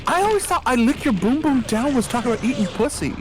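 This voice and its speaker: A man's voice: very high voice, sing-song, fast talker. A man joking and riffing as a guest in a casual gameplay chat, often trailing off. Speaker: guest co-streamer. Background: game music.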